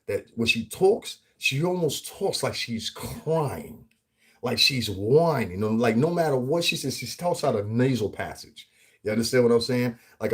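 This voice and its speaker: Brief: husky male vlogger from the US Northeast, profane, animated, ranting commentary. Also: medium pitch. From Northeastern United States. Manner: profane, animated, laughs often, acts out quotes. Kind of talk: casual commentary rant.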